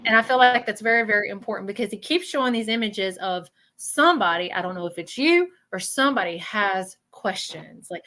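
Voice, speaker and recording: A woman's voice: mid-range voice, expressive, fairly quick, hardly any pauses, bright, forceful tone, low-quality recording. A woman working as a psychic medium, giving a live reading in a chatty way and checking in with 'okay?'.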